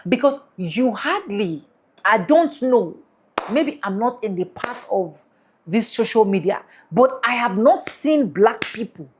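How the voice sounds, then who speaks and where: A woman hosting a commentary channel, talking emphatically and repeating phrases slowly for stress. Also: on the high side, expressive, a little hiss or hum. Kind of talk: casual commentary.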